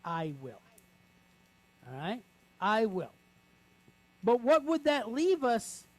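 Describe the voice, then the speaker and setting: A man's voice: extremely high pitch, sing-song. A man teaching a reading lesson, breaking words into sounds and checking in with the class after each step. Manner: patient, checks in with frequent "right?"; spells out sounds slowly, syllable by syllable.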